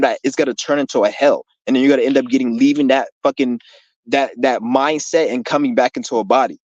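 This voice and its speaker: A young man with a medium-pitched, darkish voice hosts a livestream Q&A outdoors in the rain. He rambles in loose, profane street talk full of restarts, and the recording is muffled with no room sound.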